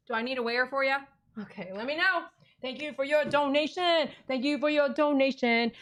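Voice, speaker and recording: A woman's voice: high voice, fairly quick, slight background noise. A middle-aged woman at home running a casual live auction stream, chatting with viewers and talking to her dogs.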